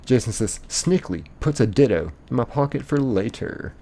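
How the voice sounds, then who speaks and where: A man's voice: mid-range voice, animated, normal speed, vocal fry, mellow. A young man, live-streaming a game and playfully reading viewer chat aloud, laughing often.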